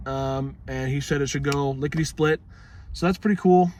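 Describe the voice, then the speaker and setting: A man's voice: medium pitch, normal speed, a little mellow, a little hiss or hum. A young man talking casually to his vlog audience, rambling and swearing freely in a laid-back way. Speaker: vlogger.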